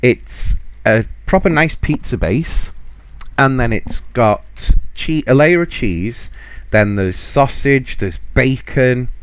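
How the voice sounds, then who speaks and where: A man's voice: medium pitch, animated, takes it slowly, slight background noise. A man hosting a podcast, chatting casually and laughing often as he tells a story. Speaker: podcast host.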